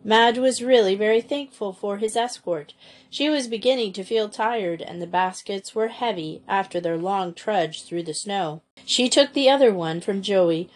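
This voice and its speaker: A woman's voice: medium pitch, normal speed. Woman narrating a storybook aloud. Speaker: audiobook reader.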